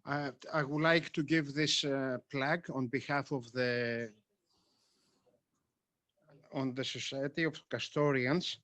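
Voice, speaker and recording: A man's voice: medium pitch, steady tone, slow, long pauses, a bit bright. A man, president of a society, presenting an award at a ceremony, hesitant and full of fillers.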